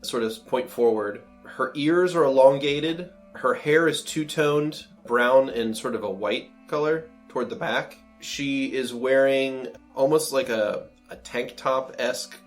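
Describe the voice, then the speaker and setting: A man narrates a tabletop game as its game master, easygoing and chatty, leaning on fillers as he paints each scene. His voice sits at an ordinary middle pitch. Faint background music plays under him. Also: measured pace, hardly any pauses. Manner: casual, laughing, describing scenes with fillers.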